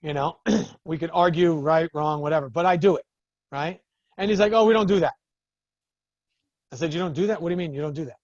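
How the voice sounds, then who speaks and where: Male business coach, higher voice, lively storyteller who acts out exchanges, close and dry sound. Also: quick pace, no room sound, lo-fi sound. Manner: animated storytelling, acts out the other people in his stories. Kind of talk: talking to a group of business owners.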